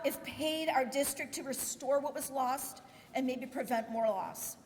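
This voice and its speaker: An earnest woman reads a prepared rally speech in a measured way, with a somewhat high voice. Her voice rings out through a microphone in a large echoing space, with faint noise underneath. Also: a little mellow. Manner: earnest, measured, appeals directly to lawmakers. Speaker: speaker at an education rally. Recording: echoey hall with faint noise.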